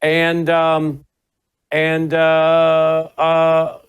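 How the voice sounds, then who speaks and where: A man's voice: on the high side, monotone, extremely slow, smooth. A middle-aged man hosting a talk show, telling rambling stories in casual chat and correcting himself as he goes. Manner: rambling storyteller, self-correcting.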